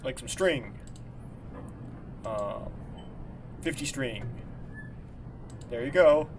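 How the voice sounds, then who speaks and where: A man casually commenting as he plays a game, in a quiet, rambling, low-key way. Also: expressive, very slow, slight background noise. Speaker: gameplay commentator.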